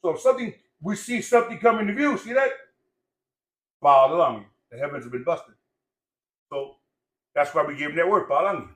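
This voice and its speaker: A man's voice: high voice, fast talker, a bit bright, echoey room. A man of Samoan heritage born in Los Angeles, ranting in profane, repetitive, preachy casual talk. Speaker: podcast guest.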